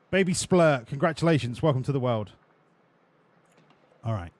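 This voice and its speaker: A man streaming a racing game live, bantering with his chat in a profane, excitable way. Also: mid-range voice, normal speed, long pauses.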